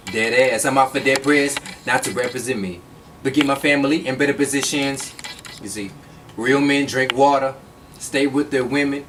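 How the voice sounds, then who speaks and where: A man performing spoken word poetry with a steady rhythmic recitation. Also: medium pitch, noisy background.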